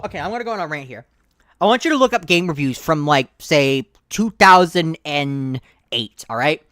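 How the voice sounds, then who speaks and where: A man's voice: high-pitched, fairly bright tone. A man streaming a game in casual, rambling commentary, swearing often and stuttering. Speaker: gaming streamer.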